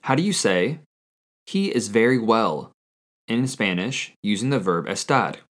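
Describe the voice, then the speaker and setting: A man hosting a language-learning podcast, reading a quiz and repeating each answer slowly and carefully. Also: on the low side, big pitch swings, a bit bright. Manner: slow, careful repetition of answers. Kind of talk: scripted language lesson quiz.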